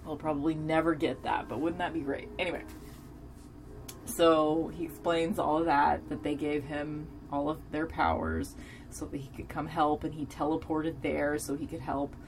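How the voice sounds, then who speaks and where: Low-voiced woman recapping casually. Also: flat delivery, moderate pace, slight background noise. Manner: rambling, hedging with many "like"s; gushing and enthusiastic.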